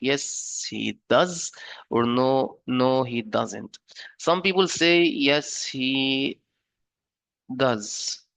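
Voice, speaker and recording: A man's voice: medium pitch, very slow, gravelly, a bit bright, no room sound. A man teaching a beginner grammar lesson, explaining step by step with fillers and frequent checks like "right?". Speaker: English teacher.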